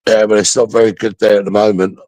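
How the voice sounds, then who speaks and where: Deep-voiced blunt Geordie man. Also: level tone, quick pace, a little mellow, no echo. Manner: blunt, argumentative, profane. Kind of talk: casual group chat.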